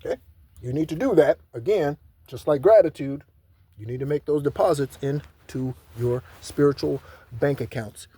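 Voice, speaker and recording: A man giving casual spiritual guidance, rambling in asides and slowly repeating mantras three times over. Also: fairly high pitch, dark tone, slightly rough. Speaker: spiritual channeler.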